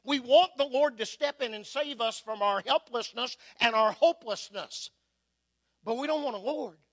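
Male preacher, very high and bright voice, dry close sound, impassioned sermon with hushed drops. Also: no room sound. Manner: impassioned, rising and falling delivery with long pauses; drops to hushed, slow emphasis on key phrases.

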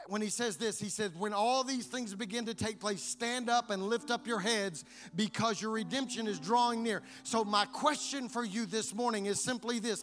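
Man, pastor preaching, very high voice, repetitive fervent delivery. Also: a bit bright. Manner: preaching with rising fervor and repetition. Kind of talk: sermon.

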